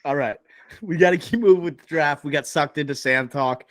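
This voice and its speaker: A man's voice: on the high side, a little fast, a bit bright, no room sound. A man hosting a casual podcast, talking about films with enthusiasm and a rambling, emotional way of speaking. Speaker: podcast host. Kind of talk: casual movie chat.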